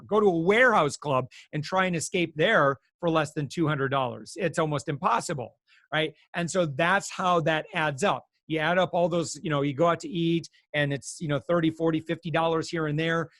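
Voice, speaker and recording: A man talking as a guest consumer expert, animated and chatty with frequent fillers. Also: a little high, no echo, clean studio sound. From United States. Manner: animated, many fillers, acts out quotes. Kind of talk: casual explanatory talk.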